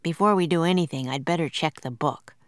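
A woman's voice: low-pitched, brisk, no room sound, studio quality, natural voice. A woman voicing a cautious, bookish young boy in a storybook reading, careful and thoughtful.

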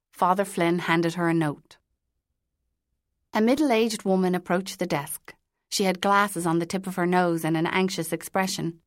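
A woman narrating an audiobook in a measured, even way. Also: lowish voice, no echo, studio quality. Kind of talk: scripted narration.

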